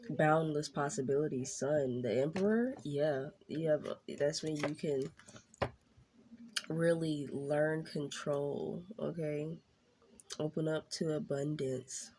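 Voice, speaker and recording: A woman giving a casual tarot reading straight to her viewers, chatty and excitable. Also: low voice, slow, background noise. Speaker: tarot reader.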